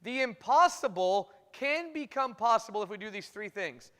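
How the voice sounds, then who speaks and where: A man preaching a morning sermon, retelling a Bible story in a lively way and acting out the quoted speakers. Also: high voice, normal speed. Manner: storytelling, acts out quoted voices. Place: church sanctuary. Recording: long hall reverb.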